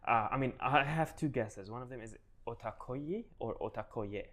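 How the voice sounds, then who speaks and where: A man speaking as the guest in a business interview, relaxed and often restarting his sentences. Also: medium pitch, brisk. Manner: relaxed, many restarts and "you know". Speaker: guest, digital advisor. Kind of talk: casual interview answers.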